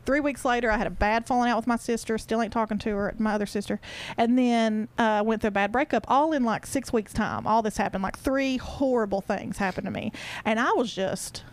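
A woman with a high-side, brisk voice chats casually and tells stories. She is an animated storyteller who acts out quotes and laughs a lot.

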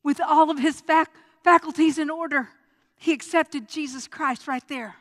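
A high-pitched woman preaches to a congregation, telling her story with stammering restarts. She drops to a hush, then builds to loud, impassioned cries. Her voice rings with the long reverb of a large church hall. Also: normal speed. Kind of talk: sermon with personal testimony.

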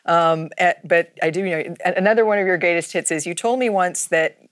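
A woman's voice: lowish voice, brisk, dry recording, studio quality. A woman interviewing a guest in a casual way, affirming his answers and asking follow-up questions. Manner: encouraging, affirming listener.

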